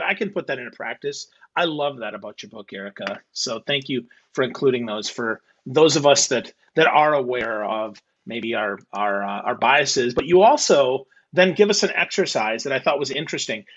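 A man's voice: mid-range voice, fairly bright tone, breathy edge, dull audio. A man hosting a podcast interview, reacting with enthusiasm and chatting with his guest. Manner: enthusiastic, conversational. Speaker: podcast host.

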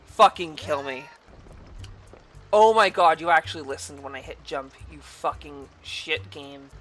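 A woman's voice: sits low, measured pace, faint music behind. Furious cursing woman gamer. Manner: furious, cursing, yelling in exasperation. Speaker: gaming video creator. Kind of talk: angry gameplay commentary.

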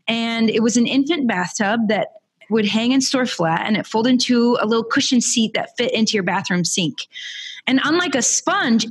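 Woman in her 30s, podcast guest, upbeat storyteller, somewhat high voice, breathy. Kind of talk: casual interview storytelling.

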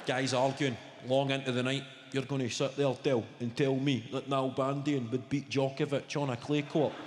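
A Scottish man in his thirties doing a stand-up comedy set, sweary and animated as he banters with the crowd. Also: medium pitch, moderate pace. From Scotland. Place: large theatre stage. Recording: live theatre mic, long hall reverb. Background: audience ambience.

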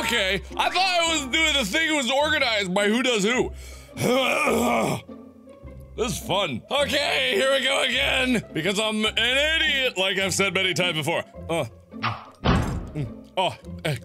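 Yelping, high-pitched man gaming. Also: very animated, a little slow, creaky, over music. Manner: loud, exclaiming, yelping in pain. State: teary from wasabi burn. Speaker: gaming video host. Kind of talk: let's play commentary.

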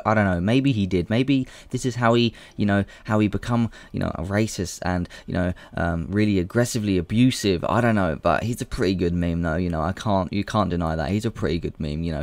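A man's voice: lowish voice, a little mellow, no room sound. A young man hosting a reaction video, rambling crudely and saying dude all the time. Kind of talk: casual reaction commentary.

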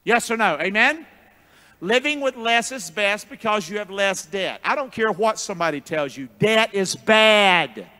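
A man preaching a sermon as pastor, with call-and-response, booming shouts and hushed asides. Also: animated, moderate pace. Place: church sanctuary.

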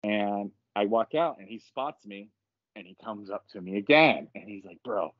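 A man on a podcast, telling a story casually and profanely, with lively acted quotes. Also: lowish voice, moderate pace, no room sound, dull audio. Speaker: podcast guest.

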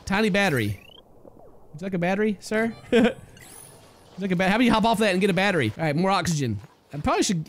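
A young man casually commentating a colony game, excitable and jokey, talking to his little characters. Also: high-pitched. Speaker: gaming YouTuber. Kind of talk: casual let's-play commentary.

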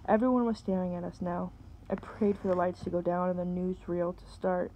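A woman, a teacher, reading a novel aloud and pausing to explain words. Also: on the low side, level tone, warm tone, a little hiss or hum, low-quality recording.

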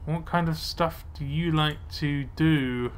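A man's voice: a little high, fairly even intonation, slow. A young man casually commenting on his gameplay, muttering to himself as he plays. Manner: chatty, muttering to himself while playing. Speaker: let's play gamer.

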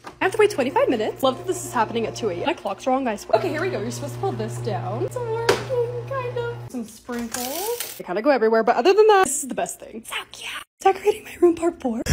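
A young woman narrates her own lifestyle vlog in a bubbly, chatty way and gets excited easily. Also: high-pitched, noisy background. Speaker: lifestyle content creator. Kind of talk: casual vlog voice-over.

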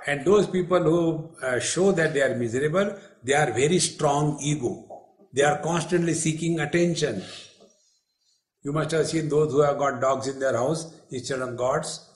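Swami in an echoey hall. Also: male voice, fairly high pitch, normal speed. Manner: humorous storytelling with acted quotes. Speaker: spiritual teacher. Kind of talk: spiritual retreat discourse. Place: retreat hall.

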